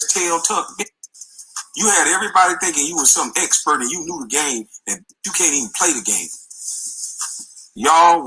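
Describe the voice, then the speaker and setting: A man's voice: a little high, sharp tone, low-quality recording. A man delivering a heated, confrontational and profane rant, with scornful laughs. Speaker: guest.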